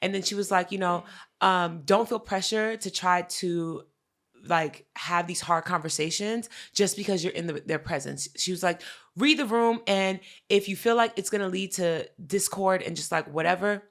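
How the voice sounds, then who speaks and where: Animated, gravelly woman telling a story. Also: lowish voice, moderate pace. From Haitian family. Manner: animated, swears a lot, acts out quotes. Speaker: podcast co-host. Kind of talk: casual storytelling chat.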